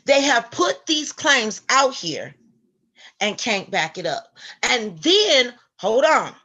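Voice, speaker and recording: A woman with a bright, forward voice hosts a Christian live stream. She greets her viewers by name and talks in a preachy, animated way. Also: fairly high pitch, slow, breathy edge. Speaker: Christian online show host. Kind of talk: casual live-stream commentary.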